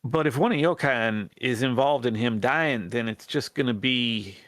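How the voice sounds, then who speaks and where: A man's voice: mid-range voice, moderate pace, a bit bright, no room sound, clean studio sound, pitched above the performer's own voice, close to an everyday voice. A man voicing an earnest female rat rebel who pleads for allies, in a hesitant folksy drawl full of restarts. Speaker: game master. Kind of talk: in-character role-play in a tabletop game.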